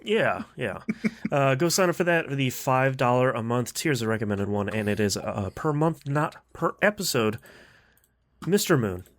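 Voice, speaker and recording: A man hosts a casual gaming podcast at an ordinary middle pitch. He chats freely, laughs often and fills pauses with little hesitations. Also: animated. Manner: chatty, laughs often, many fillers. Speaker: podcast host.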